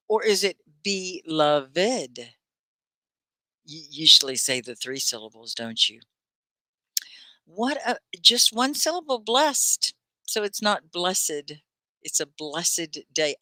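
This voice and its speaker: A woman teaches English on a live stream, her voice low in pitch but bright and clear. Her pitch swings widely as she greets viewers and asks them questions. The sound is dry and close. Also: no room sound. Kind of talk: live online English lesson.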